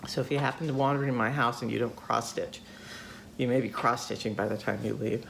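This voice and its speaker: A woman's voice: rumbling low, fairly quick, vocal fry, slight background noise. An older woman hosting a casual chat, talkative, laughing often and acting out voices in her stories. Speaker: host.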